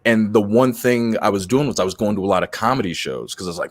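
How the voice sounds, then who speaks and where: Animated swearing man telling stories. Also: on the low side, fast. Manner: animated storyteller, swearing, laughing often. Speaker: comedian and podcast host. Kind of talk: casual chat.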